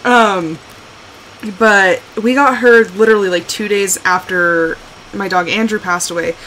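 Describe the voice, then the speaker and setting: A woman livestreams a survival game, chatting casually, exclaiming and scolding her character as she plays. Her mid-range voice is a little slow and fairly bright, and the poor audio carries a little hiss or hum.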